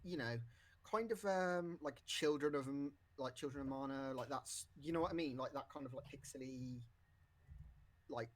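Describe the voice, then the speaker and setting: A man's voice: mid-range voice, normal speed. Man, casual podcast chat, rambling, lots of ums and likes, hiccups. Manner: rambling, many fillers and restarts. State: has the hiccups. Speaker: podcast co-host.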